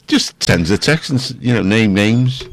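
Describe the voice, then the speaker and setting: A man's voice: fairly low pitch, lively intonation, moderate pace, a little hiss or hum. A man hosting a local radio show, chatting casually in a rambling, jokey way. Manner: rambling, jokey, self-mocking. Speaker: radio host.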